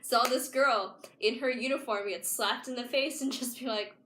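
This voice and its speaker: A woman's voice: fairly high pitch, moderate pace, a bit bright, roomy sound. A young woman telling a funny story in a casual, chatty way, full of "like"s. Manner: chatty, laughing, many "like"s. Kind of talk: casual anecdote.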